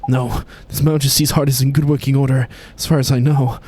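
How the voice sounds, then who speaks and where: A man's voice: mid-range voice, level tone, a little fast, mellow, slight background noise, close to an everyday voice. A man voicing a dutiful, formal male castle guard reporting bad news, over game music. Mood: worried.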